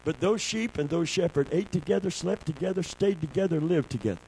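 A man preaching a sermon, calling for amens and swinging between a low hush and a shout. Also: expressive, a little fast, a little hiss or hum, low-quality recording.

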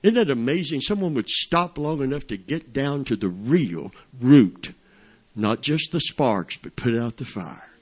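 An older man delivers a sermon with fervent, folksy energy, mixing plain talk with shouted praise. His voice sits in an ordinary middle register for a man. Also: mid-range voice, lively intonation, unhurried, breathy edge. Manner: fervent, folksy preaching with exclamations. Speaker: preacher.

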